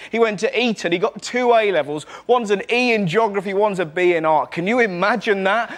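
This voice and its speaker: A man performing a rapid, animated stand-up routine on a comedy panel show, acting out characters as he goes. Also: sits high, noisy background. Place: TV studio with a live audience.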